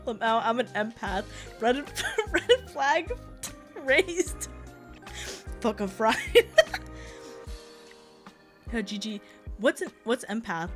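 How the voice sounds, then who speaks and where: A young woman VTuber streamer in casual, animated livestream chat, swearing and laughing often with lots of fillers. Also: on the high side, very slow, long pauses, faint music behind.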